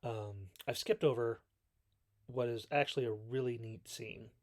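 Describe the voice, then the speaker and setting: Steady in tone and a little slow, this medium-pitched man is a video host reviewing classic films. His casual recap rambles, he keeps correcting himself, and he mimics characters when quoting them.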